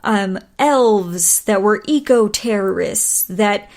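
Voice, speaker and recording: Woman, podcast host, casual solo chat, laughs a lot, filler words, mid-range pitch. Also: slow, a little mellow. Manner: chatty, laughs often, many ums and likes.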